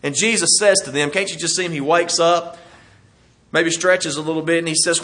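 A man's voice: fairly high pitch, steady tone, fairly quick, a bit bright. A middle-aged man preaching a sermon in a folksy, self-deprecating way, chuckling as he tells stories.

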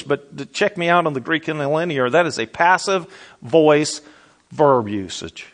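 A man preaching a sermon. He speaks in a relaxed, folksy way and stretches out the words he wants to land. His voice sits a little higher than most men's. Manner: conversational, folksy, slows down for emphasis. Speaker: pastor.

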